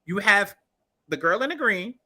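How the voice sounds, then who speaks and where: A woman's voice: medium pitch, animated, moderate pace, sharp tone. A woman giving casual, profane commentary on a reality-TV clip, talking straight to her viewers and repeating points for emphasis. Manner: talks to viewers while scrubbing through a clip. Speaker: commentary vlogger.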